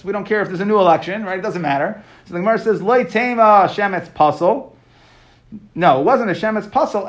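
A man teaching a Talmud class, reading each line and explaining it in casual, lively talk with modern asides. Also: sits high. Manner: reads each phrase, then explains it casually.

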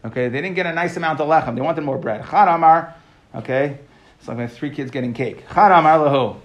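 A man teaching a Talmud class, reading each line and explaining it in casual, lively talk with modern asides. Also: on the high side, brisk, muffled recording. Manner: reads each phrase, then explains it casually.

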